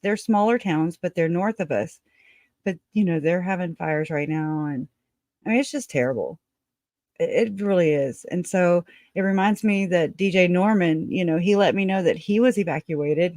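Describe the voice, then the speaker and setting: A woman's voice: fairly low pitch, a little mellow, dry recording, studio quality. Rambling, laughing woman livestreaming. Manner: rambling, chatty, laughs often, talks to viewers. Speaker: livestream host. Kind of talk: casual livestream chat.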